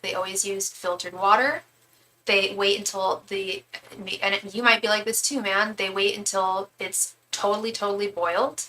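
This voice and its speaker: A woman's voice: medium pitch, bright, forceful tone, slight background noise, rough recording. A woman who is a tarot reader, chatting casually and at length during a live-stream reading, with some swearing.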